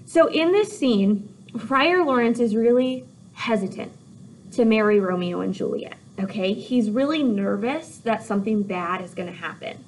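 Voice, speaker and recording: A woman teacher giving a casual, chatty video lesson, animated, with lots of "like" and "okay?". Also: fairly high pitch, moderate pace, a little hiss or hum, poor audio.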